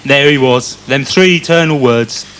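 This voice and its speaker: A man's voice: mid-range voice, normal speed, fairly bright tone, a little hiss or hum. A man doing a rambling stand-up routine, chatty and storytelling. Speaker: stand-up comedian.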